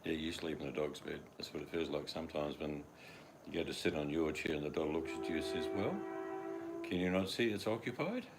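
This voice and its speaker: A man's voice: rumbling low, little pitch movement, fast, creaky, noisy background. An older man with an Australian accent chatting casually at home, rambling and acting out his dogs in quoted voices. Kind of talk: casual chat.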